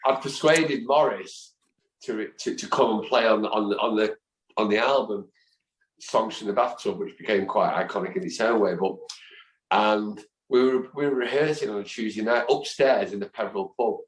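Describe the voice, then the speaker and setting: A middle-aged man, telling lively, animated anecdotes as a guest in a conversation. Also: lowish voice, normal speed. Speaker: guest, football fan and chant songwriter. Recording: roomy echo.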